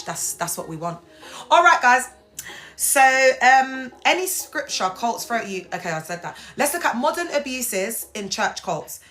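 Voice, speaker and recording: This livestream host is a woman broadcasting casually from her hospital bed. She talks to viewers, reads their comments aloud, and often breaks into high-pitched, excited exclamations with lots of animation.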